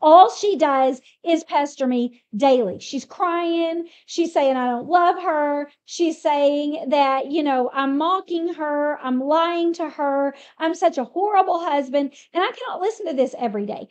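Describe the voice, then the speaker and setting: A woman's voice: sits high, measured pace, hardly any pauses, a little mellow, highs cut off. A woman voicing Samson, a strong man who is weary and evasive, in an offhand retelling tone. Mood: exasperated.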